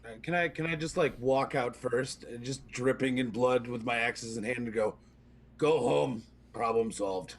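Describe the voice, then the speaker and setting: A man's voice: medium pitch, fairly even intonation, normal speed, hardly any pauses, fairly bright tone. A man playing a tabletop game, making dry jokes from the table. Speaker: player. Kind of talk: joking tabletop play.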